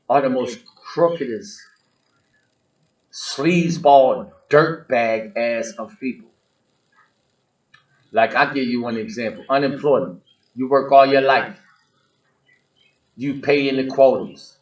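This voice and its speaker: A man's voice: medium pitch, expressive, slow, long pauses, dull audio. A man hosting his own show, delivering a blunt, emphatic rant straight at his listeners and hammering his points with repetition. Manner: preachy, addresses listeners directly. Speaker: show host. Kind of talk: ranting monologue to the audience.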